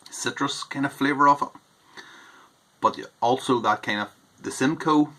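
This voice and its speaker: Rambling homebrewer man, bright tone. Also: mid-range voice. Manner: rambling, hedging, thinks aloud. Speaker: homebrewer host. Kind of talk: casual beer tasting review.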